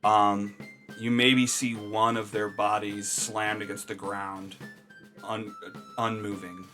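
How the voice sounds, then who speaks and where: A man's voice: on the low side, flat delivery, slow pace, sharp tone, faint music behind. Hesitant man narrating as game master. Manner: hesitant, filler-heavy narration.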